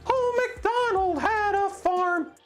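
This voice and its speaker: A man voicing a cheerful male cartoon mouse in a high, squeaky falsetto, sing-song and gleeful. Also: slow, faint music behind. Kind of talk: livestream impression.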